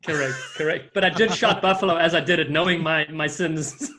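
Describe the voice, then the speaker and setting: A middle-aged man, a rugby commentator, chatting casually and telling stories with lively acted-out quotes. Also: a little high, fairly quick, hardly any pauses, a little hiss or hum. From South Africa. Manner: animated storyteller, acts out quoted lines. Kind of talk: casual chat, storytelling.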